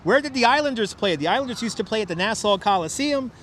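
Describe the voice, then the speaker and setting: A chatty Brooklyn man with a high voice hosts a live walking stream from a city waterfront, greeting viewers by name and joking with the chat. A clip-on wireless mic keeps his voice close, with faint traffic and city hum behind him. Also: lively intonation, fast talker, fairly bright tone. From Brooklyn, New York. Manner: chatty, reads out viewer names and jokes with chat.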